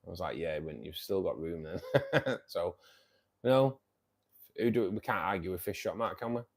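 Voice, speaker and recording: A man's voice: sits low, expressive, moderate pace. A man hosting a fishkeeping livestream, chatting casually with viewers, joking and laughing often. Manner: jokey, laughs often, teasing. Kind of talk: casual chat reading viewer comments.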